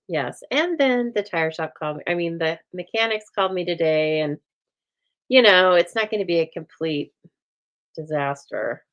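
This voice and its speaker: A woman hosting a stamping craft show, chatting casually and telling a lively story while she works, acting out the other people's lines as she goes. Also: on the low side, low-quality recording. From United States. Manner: chatty, animated storytelling with voiced quotes and laughs.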